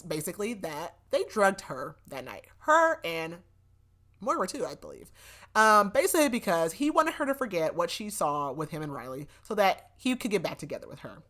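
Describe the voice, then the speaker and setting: A woman's voice: on the low side, very animated, moderate pace, fairly bright tone. A young woman hosting a podcast, recapping a novel in a casual, chatty way with lots of fillers and frequent laughs. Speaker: podcast host. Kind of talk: casual book recap chat.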